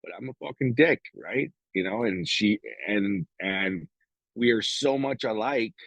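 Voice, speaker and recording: Husky low-voiced man, blunt and profane. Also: measured pace, a bit bright, no echo, low-quality recording. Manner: blunt, heavy swearing, acts out quoted dialogue. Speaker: podcast co-host. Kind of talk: casual chat.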